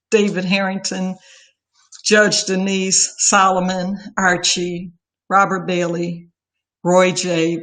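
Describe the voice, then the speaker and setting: Older woman, outgoing leader, farewell thanks on a video call, emotional and near tears, mid-pitched voice. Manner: heartfelt, emotional, lists names warmly. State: close to tears. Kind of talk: farewell thank-you speech.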